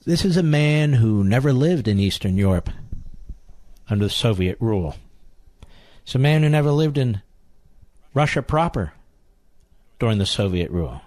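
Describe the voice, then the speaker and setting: A man's voice: medium pitch, sing-song, moderate pace, long pauses, a little mellow, no room sound. A man hosting a talk radio show, delivering an indignant political monologue with heavy repetition.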